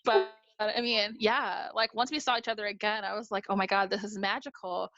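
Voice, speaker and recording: A woman from New York, a guest on a video call, telling a story in animated casual chat, acting out quotes and laughing often. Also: mid-range voice, brisk, no room sound, dull audio, faint music behind.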